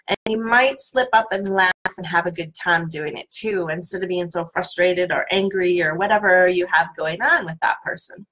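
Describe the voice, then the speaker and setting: A middle-aged woman coach leading a guided tapping workshop in a calm, soothing manner. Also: mid-range voice, poor audio. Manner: calm, soothing guidance with playful repeated names.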